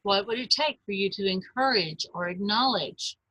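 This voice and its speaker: A woman in her fifties, a life coach giving a webinar, earnest and gentle, speaking straight to her listeners. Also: medium pitch, normal speed, no echo, low-quality recording.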